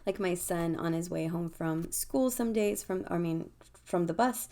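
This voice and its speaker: A middle-aged woman vlogging to camera in a casual, rambling way, with a gravelly edge to her voice. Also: fairly low pitch, mellow. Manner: chatty, rambling, quick bursts of laughter. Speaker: vlogger, tarot reader.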